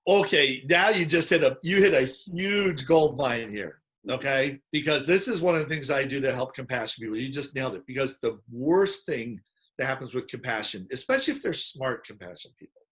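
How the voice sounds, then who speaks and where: A man hosting a casual conversation, telling lively stories and acting out the people in them. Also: mid-range voice, brisk. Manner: animated storyteller, acts out quoted voices. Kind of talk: casual chat.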